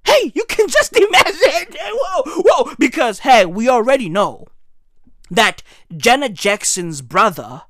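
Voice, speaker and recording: A woman's voice: high voice, very animated, slow, dry recording, clean studio sound. Incredulous woman ranting. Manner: incredulous, exaggerated, swings into shouting. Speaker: comedic commentator. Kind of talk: comedic rant to camera.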